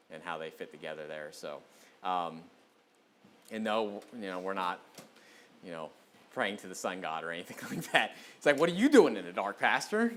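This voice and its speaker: Bright-voiced man preaching a casual sermon. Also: lowish voice. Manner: conversational, rambling with many fillers and restarts; reads scripture aloud in a raised, deliberate voice. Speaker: pastor. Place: church sanctuary.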